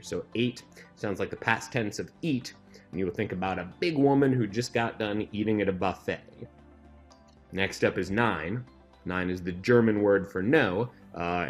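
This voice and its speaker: A man calmly explaining a card memory system step by step, with a patient, repetitive manner and the odd filler. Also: low voice. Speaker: magic instructor. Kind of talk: instructional narration.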